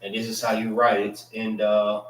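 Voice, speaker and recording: A man teaching a class, unhurried and repeating words to drill pronunciation. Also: fairly low pitch, monotone, a bit bright. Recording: echoey room.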